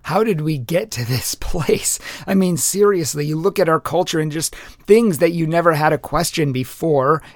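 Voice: medium pitch, moderate pace, no room sound, studio quality. A podcast host in a casual monologue who talks in an exasperated, rhetorical way, laughs often and leans on many fillers.

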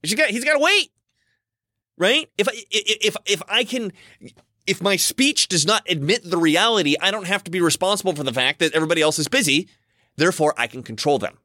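A man's voice: high voice, lively intonation, fast talker, bright, forceful tone, dry recording, studio quality. A man giving a casual, rambling monologue as a commentator, often repeating himself and restarting his sentences.

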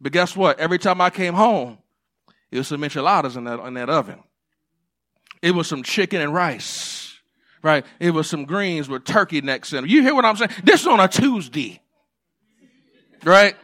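A man a sermon in a conversational style, dropping to quiet asides and rising to shouted points. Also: fairly high pitch, expressive, moderate pace. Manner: conversational preaching, swings between hushed asides and shouted points. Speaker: pastor.

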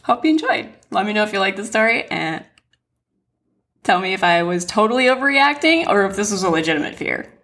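Laughing and cursing, a young woman on a podcast co-hosting gig relates a dramatic story in a spirited, animated style. Her pitch is medium and her delivery fairly quick.

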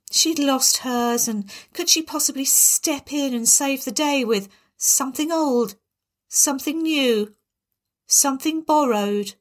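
A woman reads a darkly comic tale aloud. Her delivery is wry and dramatic, and her voice sits on the higher side. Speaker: storyteller. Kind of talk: storybook narration.

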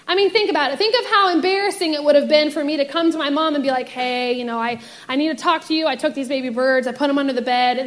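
Very high-voiced woman preaching. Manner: animated storytelling, acts out voices in quotes. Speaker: youth pastor. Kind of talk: casual sermon with personal story.

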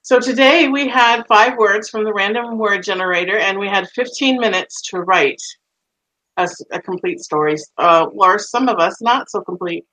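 A woman co-hosting a writing podcast, introducing a segment in a relaxed, wry chat. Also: mid-range voice, normal speed, rough recording. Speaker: podcast co-host.

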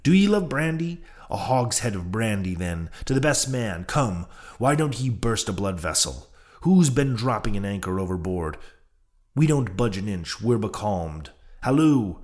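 A man reading aloud, voicing a rowdy, boisterous whaling mate who shouts and coaxes his crew. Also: on the low side, sing-song, unhurried. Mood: rowdy urging. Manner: loud coaxing bluster. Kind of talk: audiobook character voice.

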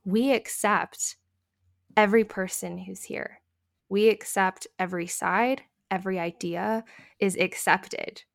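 A woman's voice: on the low side, gravelly, no room sound, studio quality. A woman mediator talking as a podcast guest, earnest and emphatic, laughing now and then. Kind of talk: conversational interview.

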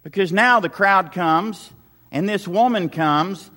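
A man's voice: high-pitched, takes it slowly, pushed and bright, big-room sound, faint music behind. A man preaching a sermon as pastor, building his points with repeated rhetorical questions and emphatic, repetitive phrasing.

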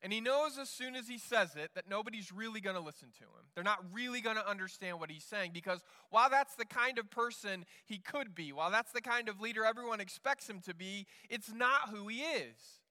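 A man's voice: sits high, brisk, hardly any pauses, sharp tone, big-room sound. A male pastor preaching a sermon in an earnest way, often repeating words as he restarts.

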